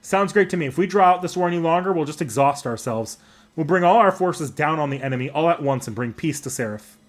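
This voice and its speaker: A man reads a visual novel aloud, playing the hero in first person. His voice sits slightly high and stays soft and earnest through the narration. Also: lively intonation, fast, soft background music. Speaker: anime club member narrating a game.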